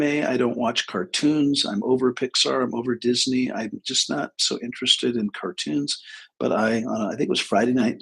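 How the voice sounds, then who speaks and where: Gravelly, husky-voiced man telling stories. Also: medium pitch. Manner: chatty, self-deprecating, tells anecdotes with humor. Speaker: therapist. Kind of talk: casual livestream storytelling.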